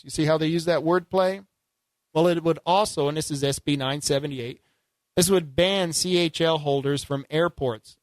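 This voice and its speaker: A man's voice: fairly high pitch, dry recording. Fervent man hosting talk radio. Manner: fervent, rhetorical, folksy asides to listeners. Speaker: radio talk show host. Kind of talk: call-in political talk radio.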